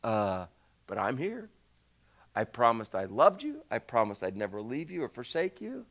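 A male preacher voicing God as a calm, steady, reassuring father figure. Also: mid-range voice, pitched below the performer's own voice, exaggerated voice. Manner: gentle, slow, comforting.

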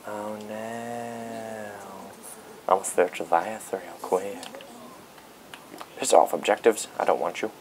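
A man's voice: low voice, normal speed, pauses often, a little mellow, slight background noise, poor audio. A man giving casual, joking commentary as he plays a video game. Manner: joking, riffs and sings along. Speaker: let's play gamer.

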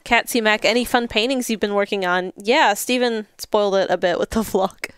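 Brief: sleepy female co-host, smooth clear voice, dry close sound, reading chat. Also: medium pitch, moderate pace, dry recording. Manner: relaxed, reads chat aloud. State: tired, yawning. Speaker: stream co-host. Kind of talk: casual chat reading viewer comments.

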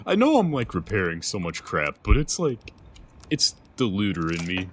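Rambling low-voiced gaming host. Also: male voice, very animated, unhurried, slight background noise. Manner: rambling, self-deprecating, many hesitant fillers. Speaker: let's play host. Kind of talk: casual gameplay commentary.

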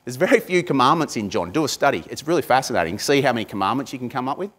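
A man's voice: mid-range voice, lively intonation, rapid-fire, fairly bright tone. A man, a pastor, giving a conversational sermon, with frequent asides to the congregation.

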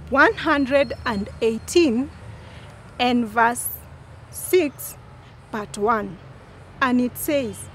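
Slow-spoken woman preaching to children. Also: a little high, slight background noise. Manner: slow, emphatic, repeating phrases for children to echo. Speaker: Sunday school teacher. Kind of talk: children's sermon.

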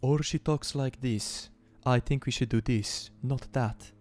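A man's voice: medium pitch, measured pace, darkish tone, close to an everyday voice. A man voicing a decisive, bossy young woman in a firm, assertive manner.

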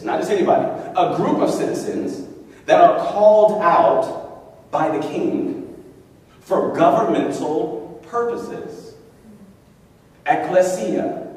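With a fairly high pitch and darkish tone, a male pastor preaches emphatically, prompting the congregation to answer back and dramatizing quotes. The church hall echoes, since the mic is placed at a distance.

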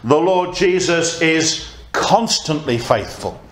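A man's voice: fairly high pitch, animated, takes it slowly, a bit bright. A man preaching a conversational sermon and reading scripture aloud. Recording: echoey church room.

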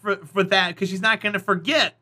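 A man with a high, very bright, sharp voice chats casually with his stream viewers. He jokes and teases, and laughter keeps breaking into his talk. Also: steady tone, a little fast. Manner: joking, teasing, laughs often. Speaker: live streamer.

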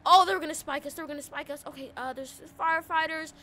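A woman commentating a police chase in a game, frantic and panicky, often shouting and repeating herself. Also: high-pitched, fast talker. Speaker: gaming video creator.

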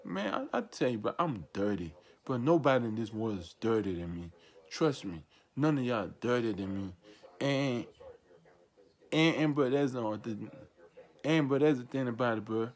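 A man from Nigeria who calls himself a prophet, giving a defiant, profane, repetitive monologue to camera at a mid-range pitch. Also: animated, moderate pace. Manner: defiant, profane, repetitive ranting with taunting asides. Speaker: self-styled prophet.

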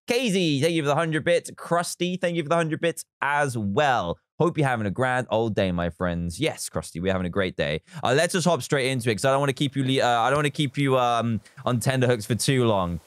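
A man's voice: mid-range voice, no room sound, clean studio sound. A man hosting a live game stream in a playful, chatty manner, thanking viewers as he plays. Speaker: livestream host.

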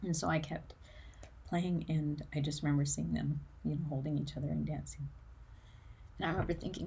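Woman, low voice, husky, earnest motivational talk, emotional. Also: fairly even intonation, brisk, mellow. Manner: earnest, emotional, many fillers like "like". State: tearful, near crying. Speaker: music career coach.

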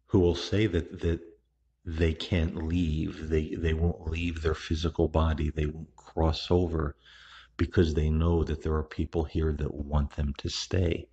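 A man hosting a podcast on the supernatural, talking in an unhurried, casual monologue that is full of restarts and fillers. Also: very deep voice, level tone, dark tone, breathy edge. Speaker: podcast host. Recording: dull, lo-fi recording.

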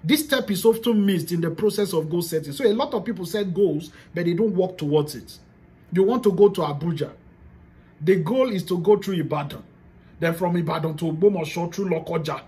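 A woman's voice: fairly low pitch, a little fast, dark tone. A Nigerian woman coaching her team in a motivational teaching talk. She speaks with emphasis and hammers key phrases through repetition. Now and then she drops into pidgin. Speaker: business coach.

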